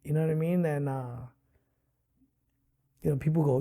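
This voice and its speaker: A middle-aged man from Hawaii, a comedian telling stories in an animated way with many fillers, on a studio podcast mic. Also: fairly high pitch, normal speed, long pauses. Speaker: comedian and guest. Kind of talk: casual interview storytelling.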